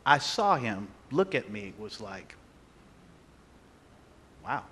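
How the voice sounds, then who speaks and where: A man preaching a sermon, telling a personal story with animated delivery and acting out the voices of the people in it. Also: lowish voice, unhurried, a little hiss or hum. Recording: long hall reverb.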